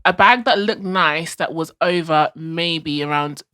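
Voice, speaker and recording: A woman co-hosting a casual podcast chat, animated and quick to laugh. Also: deep voice. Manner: animated, laughing, restarts often. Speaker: podcast co-host.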